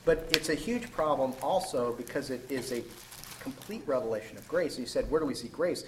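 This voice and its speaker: A man in a Bible study group speaking reflectively and hesitantly, with many pauses and fillers. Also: mid-range voice, slight background noise, rough recording. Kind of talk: group discussion.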